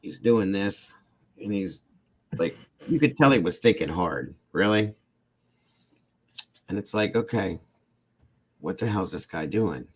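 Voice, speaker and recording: A man's voice: low voice, unhurried, pauses often, breathy edge. A man from Ohio, a podcast guest, telling a long story casually and acting out the people in it. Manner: rambling, animated, acts out the people in his stories.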